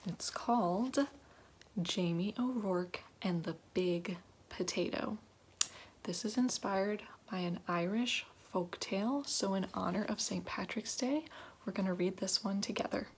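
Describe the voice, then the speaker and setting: A woman, a youth ministry coordinator, reading a bedtime story aloud with expressive, often hushed narration. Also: medium pitch, a little slow, husky.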